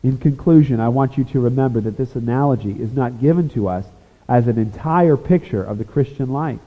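A pastor preaching a sermon, earnest, rising to emphatic points and dropping to a hushed, confessional tone. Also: male voice, medium pitch, fairly quick. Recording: echoey hall over a tinny phone-like line.

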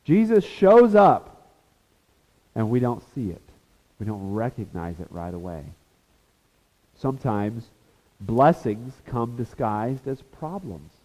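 A man teaching a Bible lesson as a sermon, animated and acting out the voices of people in the story. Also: on the low side, a little slow. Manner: animated, acts out voices of the disciples and Jesus. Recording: reverberant hall.

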